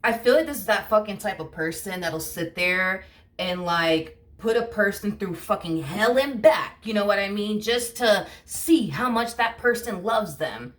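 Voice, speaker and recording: A woman's voice: mid-range voice, expressive, unhurried, far from the mic. A woman giving a tarot reading, ranting heatedly and swearing often as she gets worked up. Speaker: tarot reader. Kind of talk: casual tarot reading monologue.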